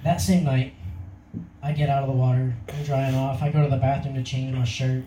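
A man's voice: mid-range voice, flat delivery, brisk, reverberant, far from the mic, background noise. A young man giving his personal testimony in a casual, rambling way, laughing often. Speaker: testimony speaker.

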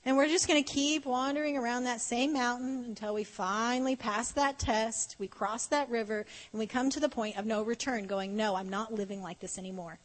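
High-pitched lady preaching at a women's conference, chatty and playful, echoing big hall. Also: steady tone, normal speed, hardly any pauses. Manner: playful, conversational, acts out dialogue, frequent laughs. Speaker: conference speaker. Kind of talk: conference sermon. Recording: long hall reverb.

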